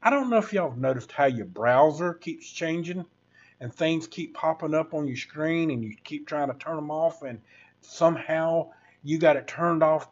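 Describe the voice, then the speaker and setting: A man's voice: on the high side, dull audio. Rambling sixty-something man. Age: 60s. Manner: rambling, preachy, addresses viewers as folks. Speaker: livestream host. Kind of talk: casual livestream rant.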